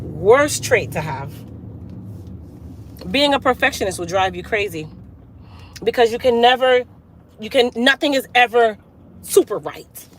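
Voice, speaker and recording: A woman's voice: medium pitch, a little hiss or hum, poor audio. A woman talking casually and emphatically to her viewers in a motivational, preachy way. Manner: preachy, emphatic, talks straight to her audience. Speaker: hair care business owner and vlogger.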